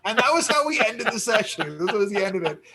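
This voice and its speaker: Male podcast co-host, animated storyteller, high-ish voice that swings widely. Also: fast, vocal fry, a crowd in the background, rough recording. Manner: animated storyteller, acts out quotes with rising excitement. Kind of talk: casual storytelling chat.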